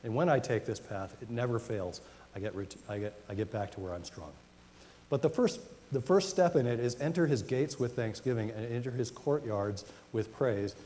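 A male pastor with a warm, mellow voice, preaching in a relaxed, conversational way and slowing right down to lean on scripture. His voice rings through a church hall with a long echo, over a faint hiss. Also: medium pitch. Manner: conversational, reads scripture slowly with emphasis. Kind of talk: sermon.

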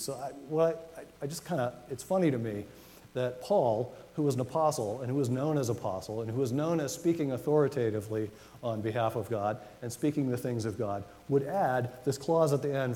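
Mellow-voiced pastor in a reverberant hall. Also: male voice, mid-range voice. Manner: conversational, reads scripture slowly with emphasis. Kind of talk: sermon. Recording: long reverb of a hall, faint noise.

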